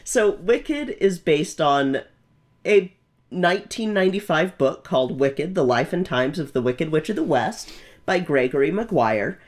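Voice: medium pitch, expressive, measured pace. Podcast host, casual chat, enthusiastic, laughs often, swears.

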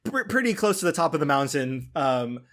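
A man's voice: on the high side, very animated, a little fast, fairly bright tone. A man hosting a film podcast, rambling casually with fillers, restarts and casual swearing. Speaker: podcast host. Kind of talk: casual chat.

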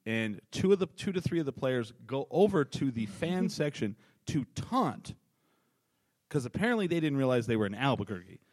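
A man from New Mexico rattles off a comic story in casual chat. His pitch swings widely as he acts out what people said. The sound is dry and close, with no room echo. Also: normal speed. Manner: animated storyteller, acts out quotes loudly.

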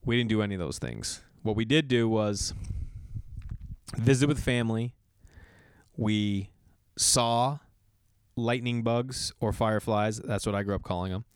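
A man hosting his own podcast in a casual solo monologue, telling animated stories, acting out what others said, and swearing now and then. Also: on the low side, a little slow, long pauses, clean tone, no echo. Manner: animated storytelling, acts out quoted people, swears casually. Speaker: podcast host.

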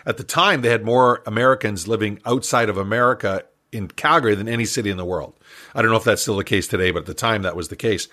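Animated older man telling a story. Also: on the low side, fast talker. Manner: lively, animated storyteller who laughs often. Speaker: guest entrepreneur. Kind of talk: storytelling in a podcast interview.

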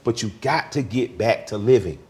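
A man in his forties talks openly as an interview guest, his voice in a middling register. He moves between bursts of laughter and hushed, grieving moments, telling his stories in a loose, conversational way. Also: medium pitch, animated, normal speed. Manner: emotional, swinging between laughter and quiet grief. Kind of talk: candid conversational storytelling.

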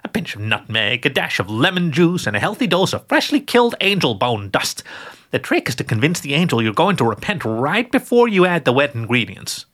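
A man's voice: on the high side, big pitch swings, a little fast, fairly bright tone, pitched above the performer's own voice. A man voicing a fussy, motherly old witch woman who calls everyone dearie in a sing-song way. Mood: doting.

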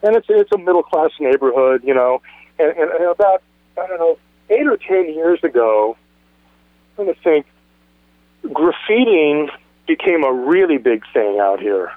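A man's voice: a little high, lively intonation, moderate pace, long pauses, dry recording. Rambling man on a tinny phone line. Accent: Californian. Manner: rambling, repeats words and restarts, laughs often. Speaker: guest musician. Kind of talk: storytelling in an interview.

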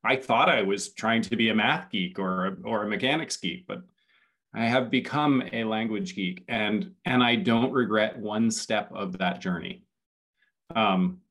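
A man's voice: medium pitch, fairly bright tone. A man who is a guest on a podcast, explaining his ideas with enthusiasm and building up his points as lists. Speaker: podcast guest, community consultant. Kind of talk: casual interview chat.

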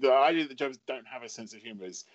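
A middle-aged English writer chats casually as a podcast guest. He mocks himself and laughs often. His voice swings widely in pitch as he gets caught up in his anecdotes. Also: racing, lo-fi sound, crowd noise. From England. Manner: animated, self-mocking, laughs often.

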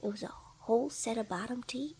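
A woman with a fairly high voice chats casually and tells stories in an easygoing, laid-back way. She reacts readily to her co-host and laughs often. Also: fairly quick, warm tone, husky. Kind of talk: casual chat.

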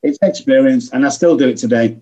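A man's voice: medium pitch, a little fast, dark tone, slightly rough, muffled recording. A man, a guest in an interview, explaining alcohol recovery earnestly and acting out quoted voices. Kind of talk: conversational interview.

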